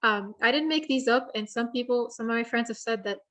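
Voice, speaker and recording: A young woman presenting an online bird identification workshop, speaking a little higher than most women. She explains things in a friendly way with plenty of fillers, heard through a computer mic on a video call. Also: fairly quick, a bit bright.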